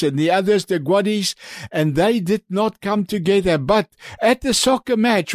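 Man, pastor, high voice, dry close sound, lively radio sermon storytelling. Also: no room sound. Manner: animated storyteller addressing listeners as friends.

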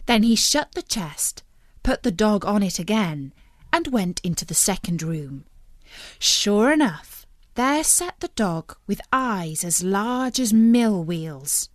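A woman reads a fairy tale aloud for children, taking her time and letting her pitch rise and fall widely. The recording is close and dry, with no room sound. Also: no room sound. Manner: expressive, unhurried storytelling. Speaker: storyteller host.

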